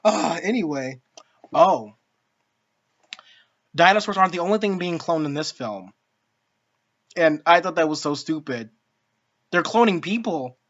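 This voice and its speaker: A woman's voice: fairly low pitch, animated, a little slow, pauses often. Woman ranting exasperatedly in a dull lo-fi recording. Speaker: film reviewer. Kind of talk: casual spoken film review. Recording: dull lo-fi sound.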